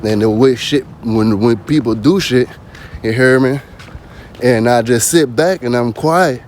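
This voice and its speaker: A man's voice: medium pitch, a little slow, slight background noise. A man vlogging in a casual spoken monologue, slangy and constantly asking "you hear me".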